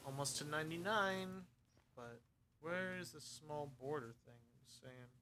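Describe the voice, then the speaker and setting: Slow, bright-voiced man streaming a game. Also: fairly high pitch, slight background noise. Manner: mutters to himself, dry joking asides. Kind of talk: casual gameplay commentary.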